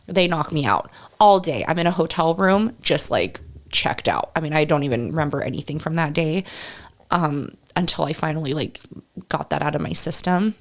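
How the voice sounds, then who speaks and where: A woman's voice: deep voice, lively intonation, moderate pace. A young woman guest on a podcast, telling a painful personal story in a raw, rambling way full of "like.". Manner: raw, rambling, full of "like" and quoted self-talk.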